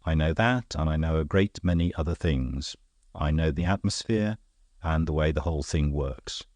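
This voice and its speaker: Here a man reads as a worldly gentleman detective whose deep voice carries a calm, dry, knowing explanation in a wry mood. He speaks at normal speed, and the audiobook audio is close and dead, without echo or room.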